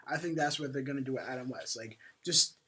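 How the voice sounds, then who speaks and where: A man's voice: mid-range voice, fast talker, bright, forceful tone, breathy edge. A young man co-hosting a casual podcast, rambling with lots of fillers and swearing. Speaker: podcast co-host. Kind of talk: casual chat. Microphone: headphones on, home podcast mic.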